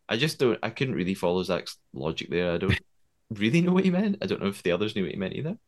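A man's voice: lowish voice, sing-song, quick pace. A man co-hosting a podcast, recapping scenes step by step and thinking aloud as he goes. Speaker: podcast co-host. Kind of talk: casual recap chat.

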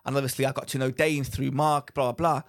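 A man's voice: medium pitch, flat delivery, fast. A man, co-hosting a casual podcast, rambling through a story, acting out what people said and laughing often. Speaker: podcast co-host. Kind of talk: casual chat.

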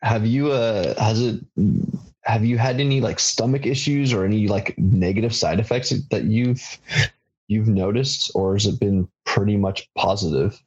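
A man in casual podcast chat, telling stories loosely with halting ums. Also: lowish voice, a little mellow, slightly rough, highs cut off.

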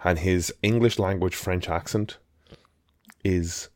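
On a podcast, a male co-host talks casually about a film, rambling and emphatic with the odd swear word. His voice is low and slow with a darkish tone and fairly even intonation, recorded clean in a studio with no echo.

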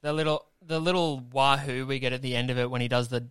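A young Australian man hosting a podcast in casual chat, animated and swearing freely as he rants. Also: medium pitch, quick pace, smooth, no echo, studio quality. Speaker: podcast host.

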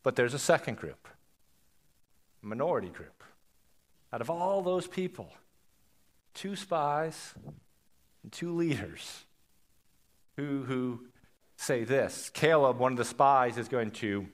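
A man preaching a sermon in a conversational way, swinging between loud emphasis and quiet, low passages. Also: animated, slow, long pauses. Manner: acts out quoted voices in asides. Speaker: pastor.

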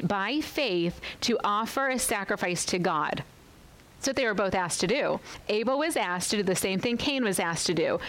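A woman's voice: medium pitch, poor audio. A woman preaching a sermon with emphatic repetition, often putting questions to her listeners.

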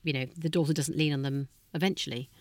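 A woman's voice: low-pitched, fairly even intonation, fast, a little mellow, dry recording, clean studio sound. A middle-aged woman co-hosting a podcast with her daughter, chatty and teasing, laughing often. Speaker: podcast co-host, mother of the other host. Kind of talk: casual chat.

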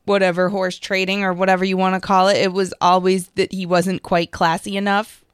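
A woman's voice: medium pitch, little pitch movement, brisk, clean tone, dry recording, studio quality. A woman co-hosting a political talk show, casual and incredulous, often saying "like". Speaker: co-host. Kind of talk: opinionated political commentary.

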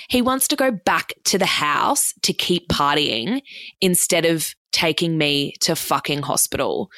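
A woman's voice: low-pitched, fairly bright tone, no room sound. A woman in her twenties with an Australian accent tells a long story casually, swearing freely and stringing thoughts together with "like". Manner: swears freely, fast run-on anecdote full of "like".

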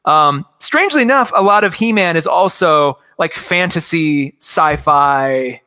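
Man, forties, high pitched, bright, eager rambling chat. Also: lively intonation, a little slow, smooth. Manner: enthusiastic, rambling with many fillers. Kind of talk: casual chat about cartoons.

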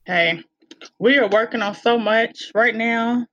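A woman, a guest in a casual podcast chat, telling stories with lively energy and frequent laughter. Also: fairly high pitch, slow, no echo. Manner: animated storyteller, laughs often. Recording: dull lo-fi sound.

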